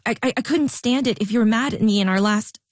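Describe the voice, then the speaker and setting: A woman voicing a gentle, wistful young woman who speaks softly and hesitantly. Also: a little high, fast talker, no room sound, pitched above the performer's own voice, close to an everyday voice. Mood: pleading.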